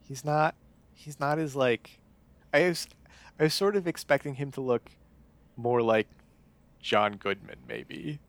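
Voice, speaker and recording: A man's voice: medium pitch, measured pace, pauses often. A man chatting casually about a film, hesitant and often restarting his sentences. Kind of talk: casual chat.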